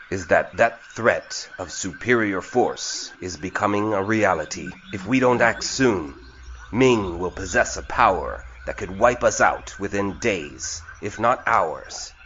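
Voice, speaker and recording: Man as a feline noble diplomat, very deep voice, formal, persuasive, dull muffled audio. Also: animated, slow pace, fairly bright tone, slight background noise, heavily acted. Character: lion-like male feline noble, calm diplomat. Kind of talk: indie audio drama acting.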